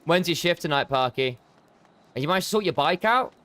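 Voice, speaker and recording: A man's voice: on the high side, expressive, brisk, fairly bright tone. A man casually chatting with viewers while he plays and streams a game. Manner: chatty, talks to viewers between game actions. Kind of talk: casual chat while gaming.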